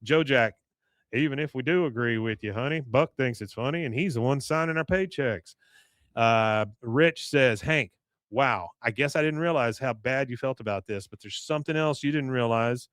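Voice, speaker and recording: A man's voice: mid-range voice, moderate pace, fairly bright tone, no room sound. A man co-hosting a podcast, casually retelling a cartoon episode and quoting its characters with frequent laughs. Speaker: podcast co-host.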